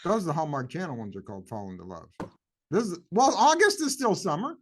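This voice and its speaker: A man's voice: fairly high pitch, sing-song, a little fast, a little hiss or hum. A man as a podcast guest in a casual chat about upcoming movies, easygoing and chatty, rambling as he tries to remember.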